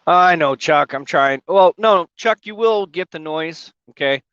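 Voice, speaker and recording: A man's voice: on the high side, a little slow, a bit bright, clear, resonant tone, no echo, highs cut off. A man driving a truck, chatting casually on a livestream, rambling, swearing and greeting viewers by name. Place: inside his truck cab. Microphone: phone.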